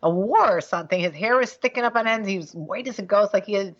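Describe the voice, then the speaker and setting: A woman on a casual podcast chat who keeps jumping in with quick questions. Her voice comes through a slightly dull, lo-fi mic. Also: medium pitch.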